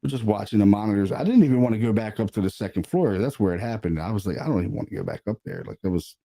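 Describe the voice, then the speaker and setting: Dark-voiced man telling a ghost story. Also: lowish voice, very fast, vocal fry. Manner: animated, conversational, swears casually, many fillers. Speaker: paranormal investigator guest. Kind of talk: casual storytelling.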